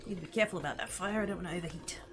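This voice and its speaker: A woman streaming a game, chattering to herself and her viewers, squealing with excitement now and then. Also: lowish voice, rapid-fire. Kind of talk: casual gameplay livestream chatter. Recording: game music playing underneath.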